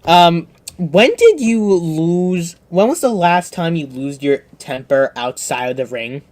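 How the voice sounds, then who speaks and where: A man's voice: a little high, expressive, slow pace, a little mellow. A man hosting a casual interview, joking and giggling. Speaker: podcast host.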